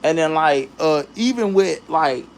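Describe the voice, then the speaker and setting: A man's voice: on the high side, a little slow, a little hiss or hum. Heated man ranting on his vlog. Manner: animated, heated, addresses viewers directly with slang. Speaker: channel host.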